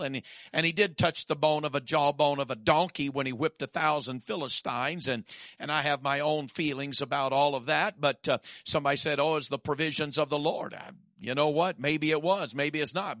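Male preacher, stammering restarts that build to forceful declarations, bright high-leaning voice, dry sound. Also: no echo. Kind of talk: sermon.

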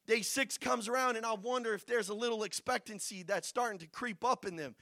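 A young man preaching a sermon, telling Bible stories with acted-out voices and building to shouts. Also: high-pitched, fairly quick, dry recording. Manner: storytelling, acting out Bible figures, builds to shouting.

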